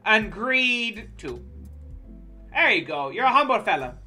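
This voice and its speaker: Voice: medium pitch, big pitch swings, a little slow, pushed and bright, soft background music. A game streamer chatting casually with viewers while playing, joking and swearing freely. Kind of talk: casual gameplay commentary.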